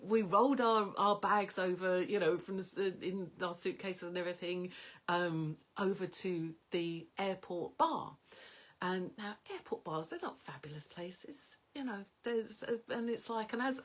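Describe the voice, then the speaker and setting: A middle-aged woman, telling a rambling personal story to camera with many fillers and an animated delivery. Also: mid-range voice, unhurried. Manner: rambling, animated, many fillers, dreamy soft whispers in places. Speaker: personal development coach.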